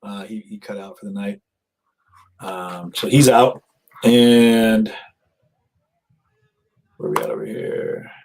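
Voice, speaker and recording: A man's voice: fairly low pitch, slow pace, creaky, pauses often, darkish tone, breathy edge, low-quality recording. A man hosting a livestream in casual commentary, chatty and rambling, talking into a headset at his streaming setup. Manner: chatty, rambling, laughs at himself. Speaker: livestream host.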